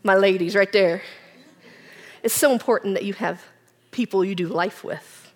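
A woman giving an earnest personal testimony as a church speaker, swinging from strong declarations to soft, near-whispered reflection. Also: medium pitch, normal speed. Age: adult with children. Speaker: women's ministry speaker.

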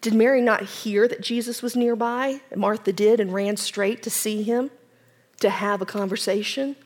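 A woman preaching a sermon, retelling scripture with dramatic shifts from loud emphasis to near-whispers. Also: mid-range voice, steady tone, normal speed. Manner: dramatic, varies volume, drops to whispers.

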